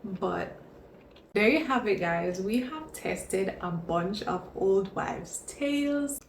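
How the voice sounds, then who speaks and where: A woman vlogger talks about her pregnancy, telling stories in a chatty, expressive manner. Her voice is medium in pitch and gravelly, and she speaks at a slow pace, with room echo and a faint hiss behind her.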